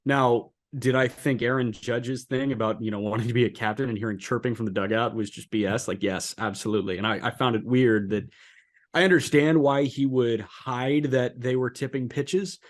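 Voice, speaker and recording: A man co-hosting a relaxed sports podcast, speaking into a podcast microphone at a mid pitch. He talks in an animated, incredulous way, and his voice climbs high whenever he drives a point home. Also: moderate pace. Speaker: co-host. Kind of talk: casual sports podcast chat.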